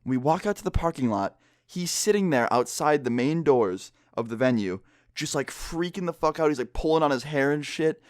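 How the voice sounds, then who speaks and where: A young vlogger keeps it hushed indoors since people are next door, telling a story in a loose, casual style full of swearing and filler. His voice is on the high side and expressive at a moderate pace, recorded with clean studio sound and no echo.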